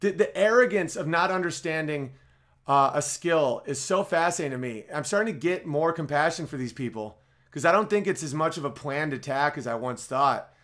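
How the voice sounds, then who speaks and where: A man's voice: on the high side, expressive, moderate pace, fairly bright tone. A man hosting a podcast livestream in a casual comedic monologue, rambling with stammered restarts and side jokes. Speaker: podcast host.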